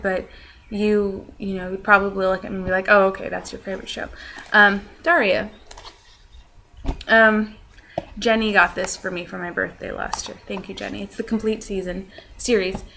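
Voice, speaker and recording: A woman's voice: mid-range voice, noisy background. A young woman chatting casually in a vlog, rambling with lots of fillers and poking fun at herself. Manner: self-deprecating. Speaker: vlogger. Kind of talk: casual chat.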